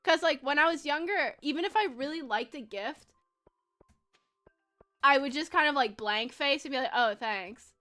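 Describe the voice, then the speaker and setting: A woman's voice: sits high, normal speed, long pauses, bright, forceful tone, soft background music. A woman in her twenties chatting casually on a gaming livestream, bubbly and giggly, rambling with lots of fillers. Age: 20s. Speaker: streamer.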